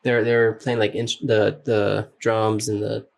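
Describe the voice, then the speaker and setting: A young man adds details to a shared story on a casual podcast. He talks in a relaxed, halting way and fills in with short agreements. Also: fairly low pitch, vocal fry. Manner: laid-back, halting, chimes in with short agreements. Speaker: podcast co-host. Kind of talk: casual chat.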